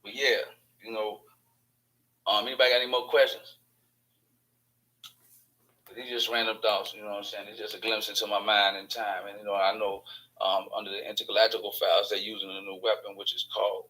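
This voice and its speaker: A man's voice: on the low side, level tone, sharp tone, rough recording. A man with a Chicago accent hosting his own channel, telling stories in a rambling, profane, digressive monologue. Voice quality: profane, digressive, fast-moving storytelling. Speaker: host of an online channel.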